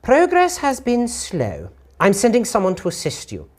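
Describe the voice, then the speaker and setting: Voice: medium pitch, wildly swooping pitch, moderate pace, darkish tone, pitched above the performer's own voice. A game master voicing a commanding female sorceress who speaks in a muffled, condescending way, as if heard through thick glass. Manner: silky, condescending.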